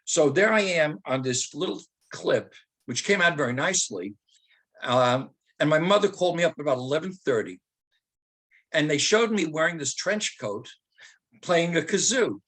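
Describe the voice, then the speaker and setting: A man in his seventies, a retired teacher, telling personal stories with humor and slowing into dramatic readings. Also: on the high side, expressive, fairly bright tone, breathy edge. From Germany. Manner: humorous, anecdotal, slows to dramatic recitation.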